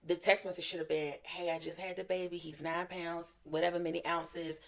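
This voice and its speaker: A podcast co-host in casual conversation, a woman with a somewhat low voice. She tells a story with great energy and acts out everyone's lines in it. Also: brisk, vocal fry. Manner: animated storyteller, acting out the people in her stories. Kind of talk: casual chat.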